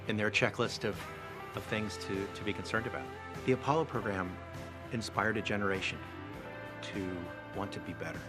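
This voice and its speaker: Earnest low-voiced man over music. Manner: earnest, measured. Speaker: interviewee, son of an Apollo astronaut. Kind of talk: reflective interview. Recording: music bed underneath.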